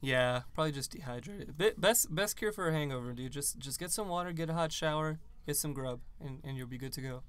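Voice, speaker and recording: A man's voice: on the high side, brisk, hardly any pauses, a bit bright, clean tone. A young man co-hosting a casual podcast chat, joking and cursing freely, his voice a little strained from screaming at a concert the night before. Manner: joking, profane, laughs often. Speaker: podcast co-host.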